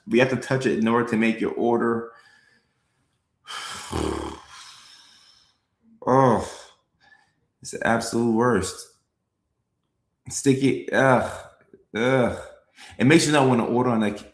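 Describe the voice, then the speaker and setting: Young guy comedian just chatting on a stream, low gravelly voice, repeats himself, echoey room. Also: normal speed. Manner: laid-back, repeats lines, chuckles often. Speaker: comedian hosting a live stream. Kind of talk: casual live-stream chat reading comments.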